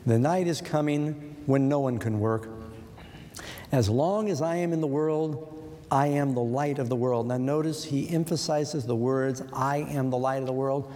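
A man's voice: on the high side, dark tone, long reverb tail. A man preaching a sermon in an earnest, conversational way, asking his listeners rhetorical questions. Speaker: pastor.

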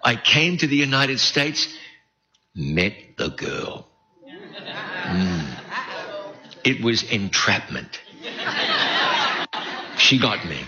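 A man's voice: lowish voice, sing-song, slow, long pauses, crowd noise. A man in his fifties with a faded New Zealand accent, preaching a folksy, joking, self-deprecating sermon with frequent restarts. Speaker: preacher leading a Bible study series. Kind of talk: conversational sermon. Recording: dull lo-fi recording.

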